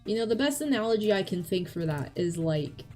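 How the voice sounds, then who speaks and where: Brisk and expressive, this slightly mellow, medium-pitched woman speaks as a vtuber co-host on a chat stream. She's blunt and casual, cursing and restarting as she rambles over faint background music.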